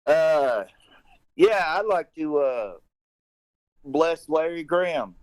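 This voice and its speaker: A man calling in to a live show, speaking slowly and hesitantly. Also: on the high side, lively intonation, a little mellow. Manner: slow, hesitant. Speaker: caller, truck driver. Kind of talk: call-in.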